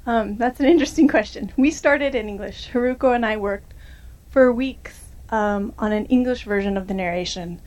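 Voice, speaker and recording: Young woman director at a q&a, kinda high voice, lots of ums and restarts. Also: moderate pace, darkish tone, dull audio. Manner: chatty, many fillers and restarts. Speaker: filmmaker answering audience questions. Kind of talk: Q&A after a film screening.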